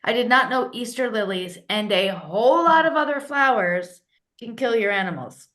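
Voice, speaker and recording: Bright-voiced animated woman co-host. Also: a little high, normal speed. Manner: animated, laughs often, emphatic warnings. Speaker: podcast co-host. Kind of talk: casual chat.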